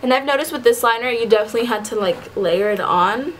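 A woman's voice: a little high, fast talker, slight background noise, rough recording. Chatty young woman doing a makeup tutorial. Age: young adult. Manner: chatty, often correcting herself mid-phrase. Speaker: beauty vlogger.

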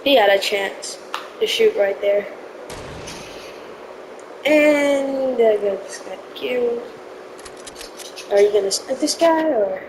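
A woman's voice: a little high, slow, long pauses, noisy background. A woman giving live gameplay commentary, jumpy and easily spooked, yelping in panic. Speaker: gaming video creator.

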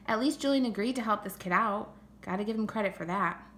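A woman's voice: medium pitch, quick pace, fairly bright tone, natural voice. A woman voicing a firm but caring mother in a storybook reading. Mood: gentle. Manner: firm, scolding. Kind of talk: audiobook character reading.

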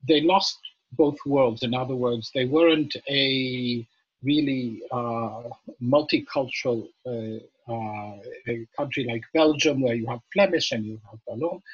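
An older man who grew up in Jamaica, a guest on a video-call interview, explaining things in a measured way with many fillers. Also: mid-range voice, breathy edge, no echo. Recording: muffled video call audio, dry.

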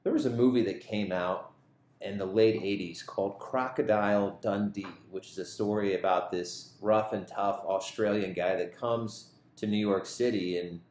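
A man reading the gospel and giving a reflection for schoolchildren, earnest and storytelling, slowing down on key lines. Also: low voice, darkish tone. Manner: earnest, storytelling, slows for emphasis. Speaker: school chaplain. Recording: echoey room.

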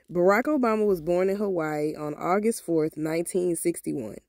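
A woman's voice: on the low side, dark tone, no echo, studio quality. A woman with talking straight to her viewers in a casual vlog, sassy and heated as she gives her opinions. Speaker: motivational vlogger.

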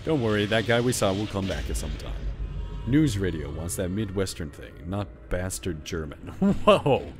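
A man's voice: sits low, animated, moderate pace. A man streaming a horror video game, joking and chatting casually as he plays and talks back to the game. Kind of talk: casual gameplay commentary. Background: game music.

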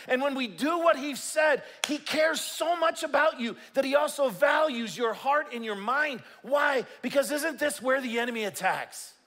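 High-voiced male pastor preaching emphatically. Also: fairly bright tone, low-quality recording. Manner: emphatic, calls out to the congregation. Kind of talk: sermon. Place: church.

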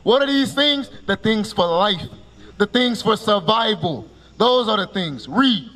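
A street preacher with a high-sitting, fairly bright voice speaks in an animated but unhurried way. He commandingly calls for each scripture with a curt "Read" before explaining it, and quizzes passers-by with repeated "right?" and rhetorical questions.

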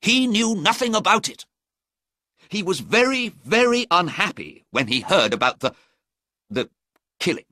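A man's voice: high-pitched, big pitch swings, measured pace, pauses often, pushed and bright, pitched above the performer's own voice, full character voice. A man reading a storybook, voicing a tired, proud older nobleman who sounds strained and pleading.

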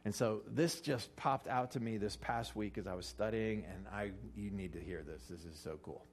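A man preaching a casual, joking sermon, acting out quotes with sudden jumps in pitch. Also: moderate pace, slight background noise. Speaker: pastor. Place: church or hall with an audience eating lunch.

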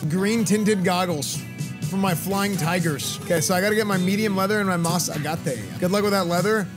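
A man streaming a game live, chatting excitedly with his viewers as he plays. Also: sits high, brisk, music in the background. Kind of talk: live gameplay commentary.

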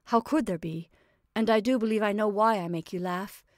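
A bashful young man, soft-spoken and halting, read by a woman in her own voice. The sound is dry and close, like a storybook reading. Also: medium pitch, dry recording, natural voice. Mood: earnest. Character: shy, earnest young man, awkward and devoted.

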